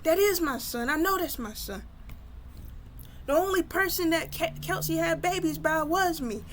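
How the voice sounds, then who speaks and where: Woman voicing angry young man, scolding, emphatic, higher voice, story reading. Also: normal speed, fairly bright tone, slight background noise.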